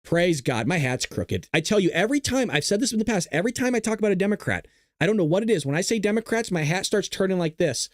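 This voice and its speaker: Guy streaming political news, kinda high voice, jokey and fired up, super dry close mic. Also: fast, no echo. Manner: excitable, joking and combative, talking straight to chat. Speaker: livestream news host. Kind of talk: live-streamed political commentary.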